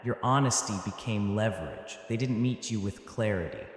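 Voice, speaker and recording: A man giving a dramatic motivational voice-over, slow and emphatic, in short clipped phrases with pauses. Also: fairly low pitch. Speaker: narrator. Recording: heavy echo with long hall reverb.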